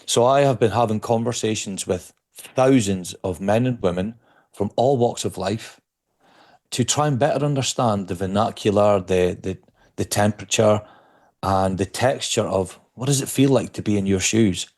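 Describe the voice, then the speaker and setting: A podcast guest speaks in a fairly low male voice, thoughtful and unhurried in conversation. He often repeats a word or two while he searches for his phrasing. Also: a little mellow. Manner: reflective, repeats words as he searches for them. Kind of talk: conversational interview.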